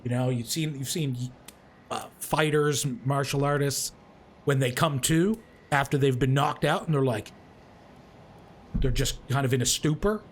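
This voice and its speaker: A man narrating as the game master of a tabletop game, his voice sitting at an ordinary middle pitch. He talks in a loose, rambling way, full of fillers and restarts. A faint hiss of noise runs under his home mic. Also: measured pace.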